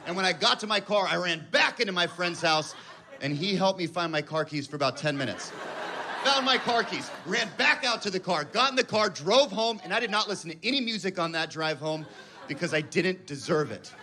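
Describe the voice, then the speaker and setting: A man in his thirties doing stand-up, telling a story about himself in an animated, self-mocking way. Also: high voice, a little fast, noisy background. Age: 30s. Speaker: stand-up comedian. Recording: live club with audience laughter. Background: audience laughter.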